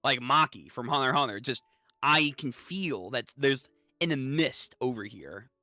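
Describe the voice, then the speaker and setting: A man hosting a casual reaction read-through of manga, excitable and swearing, reading lines aloud. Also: mid-range voice, normal speed, dry recording, faint music behind. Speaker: channel host reading manga.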